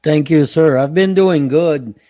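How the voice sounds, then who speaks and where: A man from Canada chatting slowly and carefully on a video call, leading a Bible study and laughing easily. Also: on the high side, mellow, dry recording. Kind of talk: casual online roundtable chat.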